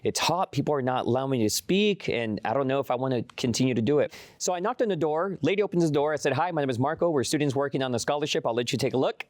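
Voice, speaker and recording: Guest storyteller: young man, mid-pitched, dry close sound, animated delivery. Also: quick pace, few pauses, no echo. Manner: animated, acts out voices in anecdotes. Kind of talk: interview storytelling.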